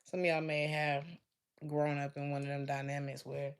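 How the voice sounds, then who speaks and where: Woman tarot reader, low voice, chatty and laughs a lot, talks right to her audience. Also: level tone, normal speed, clear, resonant tone. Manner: chatty, laughs often, speaks straight to listeners. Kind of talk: casual tarot reading to viewers.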